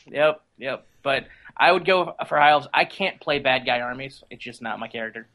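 A man's voice: mid-range voice, moderate pace, pushed and bright, poor audio. A man as a podcast guest, chatting casually and enthusiastically with jokes.

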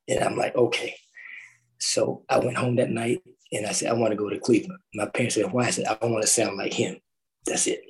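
A middle-aged man, a former orchestral timpanist, telling an animated story in a roundtable talk, acting out quotes and singing drum parts. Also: lowish voice, fairly quick, creaky, rough recording. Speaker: orchestral timpanist recalling his start.

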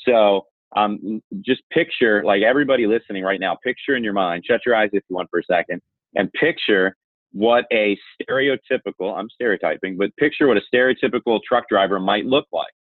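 A man with a low voice tells a story as a podcast guest, animated and candid. His voice comes through a narrow, tinny, phone-like line. The sound is dry, with no room echo. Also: brisk. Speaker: podcast guest, insurance marketer. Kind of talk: storytelling conversation.

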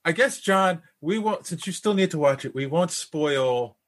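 A man's voice: fairly high pitch, expressive, normal speed, a little hiss or hum. A man co-hosting a podcast in casual chat, gushing with eager enthusiasm. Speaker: podcast co-host.

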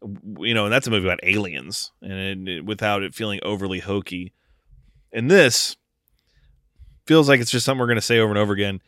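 A man's voice: lowish voice, quick pace, a bit bright, no echo, studio quality. A man co-hosting a casual podcast about a movie, talking animatedly, swearing freely and acting out lines in funny voices. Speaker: podcast co-host. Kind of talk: casual movie-discussion chat.

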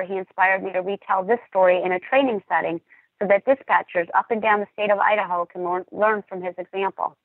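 A woman who works as an emergency dispatcher, speaking on a podcast in a calm, earnest, measured way. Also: medium pitch, no echo. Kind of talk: podcast talk, personal account. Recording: tinny phone-like line.

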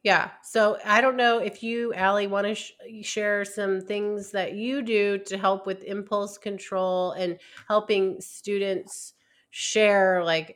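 A woman's voice: mid-range voice, flat delivery. A woman hosting a podcast conversation, affirming her guests and asking follow-up questions. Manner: warmly affirming, quick agreement. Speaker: podcast host.

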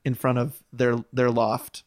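A man's voice: mid-range voice, completely flat delivery, measured pace, a little mellow. A man co-hosting a podcast, chatting casually as he recaps a film's plot with frequent laughs and fillers. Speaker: podcast co-host. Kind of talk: casual movie recap chat.

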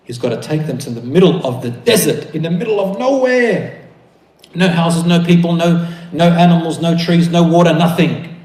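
A man gives a sermon in storytelling mode, building his phrases with animated, rising emphasis. His voice sits a bit high for a man. The room is echoey around him. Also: moderate pace. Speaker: preacher.

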